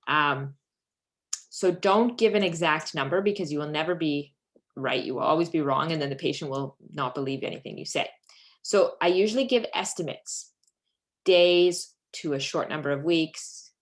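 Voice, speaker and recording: A woman's voice: sits low, moderate pace. A woman trainer giving a live lesson on palliative care communication, patiently explaining step by step and modeling example phrases. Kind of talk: live teaching session.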